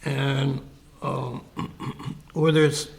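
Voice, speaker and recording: A man's voice: medium pitch, flat delivery, very slow, gravelly. A man co-hosting a casual podcast, talking reflectively and acting out little example exchanges. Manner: reflective, explains with examples and acted-out quotes. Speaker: podcast co-host.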